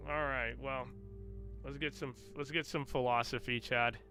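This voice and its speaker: With soft music playing, a young livestream host brags and swears while bantering loosely and cockily with his trading-stream chat. He speaks at medium pitch with fairly even intonation, a sharp tone and normal speed.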